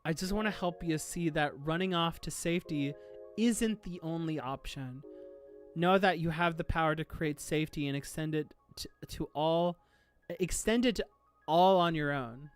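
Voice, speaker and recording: Streamer reading as a calm mentor witch. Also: medium pitch, moderate pace, faint music behind, lightly acted. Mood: encouraging. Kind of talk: reading manga dialogue aloud.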